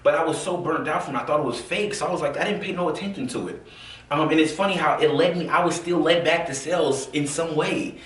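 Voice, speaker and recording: A man from the American South telling his own story in a casual, animated way, full of fillers and acted-out quotes. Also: on the high side, quick pace. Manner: animated, acts out quoted voices, many fillers. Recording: roomy, from a distance.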